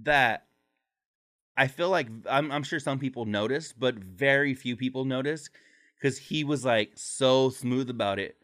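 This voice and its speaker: A man's voice: mid-range voice, a little slow, a bit bright. A man co-hosting a podcast, telling rambling stories in casual chat, cursing often and slipping into voices for the people he quotes. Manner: rambling storyteller, heavy swearing, puts on voices in quotes. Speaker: podcast co-host.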